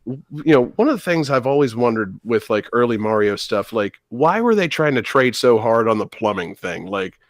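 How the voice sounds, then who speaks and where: A man hosting a casual movie commentary, sarcastic and quick to laugh. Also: mid-range voice, sing-song, no room sound, studio quality. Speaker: podcast host.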